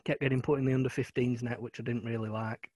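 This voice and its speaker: A man's voice: mid-range voice, flat delivery, quick pace, darkish tone, husky, no echo. A man talking casually as a guest about his early cricket years, hesitant with many ums. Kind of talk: casual chat.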